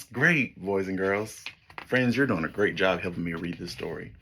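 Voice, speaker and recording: A man's voice: low voice, normal speed, pushed and bright, breathy edge. A man teaching young children, reading a picture book aloud to them in an encouraging way, praising them often and pointing out the pictures.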